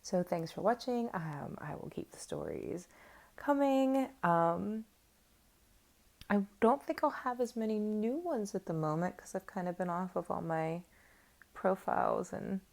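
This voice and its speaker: A woman's voice: mid-range voice, sing-song, unhurried, vocal fry, a little mellow. A woman in her thirties telling a candid, self-mocking story to camera in a casual chat, with lots of fillers. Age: 30s. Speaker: vlogger.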